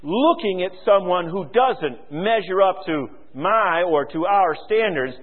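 High-voiced preaching man, tinny and echoing. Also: animated, takes it slowly. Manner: fervent preaching, rhetorical questions, quotes scripture aloud. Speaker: pastor. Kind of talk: sermon. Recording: tinny phone-like sound with long hall reverb.

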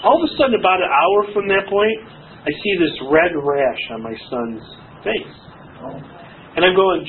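A man preaching a sermon at a church service, lively, mixing Bible readings with stories. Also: high voice, normal speed. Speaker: pastor. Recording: tinny phone-like recording with faint noise.

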